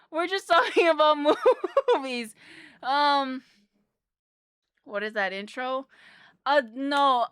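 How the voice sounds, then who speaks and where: A bubbly young-sounding woman streamer chatting to her viewers, giggling often and tripping over her words. Her voice is bright, smooth and a little high, recorded close and dry. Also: dry recording. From Philippines. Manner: bubbly, giggly, rambling with fillers. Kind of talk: casual live-stream chat.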